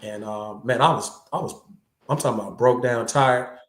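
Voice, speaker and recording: A man who is a guest tells animated stories in casual, slangy talk, mimicking the people he quotes. His voice sits at an ordinary middle pitch. The sound has a roomy echo around it. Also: moderate pace. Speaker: guest, martial artist. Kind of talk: casual storytelling chat.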